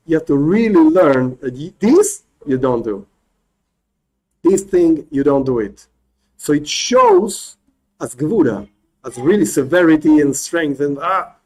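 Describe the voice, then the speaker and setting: Animated rabbi teaching a class. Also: male voice, a little high, slightly rough, rough recording. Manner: animated, restarts, acts out examples. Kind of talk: spoken class.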